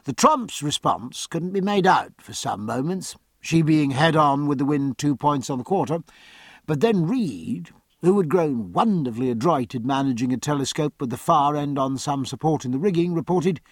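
A man reading a novel aloud with expressive, varied phrasing, close to the mic. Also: a little high, moderate pace, no room sound. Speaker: audiobook narrator. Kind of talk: scripted audiobook narration.

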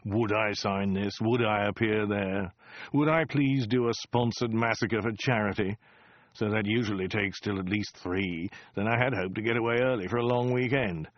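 A man's voice: fairly low pitch, moderate pace, no echo, dull audio, close to an everyday voice. A man voicing a self-important, weary male warlord who complains moodily about his busy schedule. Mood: grumbling. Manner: moody, slouching complaint.

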